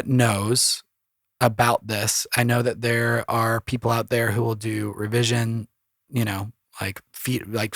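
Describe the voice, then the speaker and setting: A man's voice: mid-range voice, creaky, no echo, studio quality. A man with a cold, giving loose, rambling advice in a casual solo podcast, full of fillers. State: has a cold, voice deeper than usual. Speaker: composer and podcast host.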